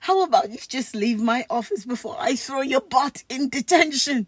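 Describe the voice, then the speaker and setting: A woman's voice: high-pitched, lively intonation, normal speed, husky, no room sound. A woman voicing a stern middle-aged male school principal in a read-aloud comic, dry and firm.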